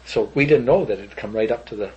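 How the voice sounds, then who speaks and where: Husky older man telling stories. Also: lowish voice, quick pace, muffled recording. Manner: animated, rambling storyteller. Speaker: interviewee. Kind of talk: recounting an old story.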